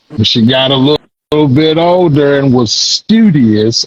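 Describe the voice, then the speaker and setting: A man's voice: medium pitch, a little slow, dull audio. A man hosting a casual talk show podcast, full of slang and affectionate praise for his guest. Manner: hype, affectionate, loose slang. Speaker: podcast host.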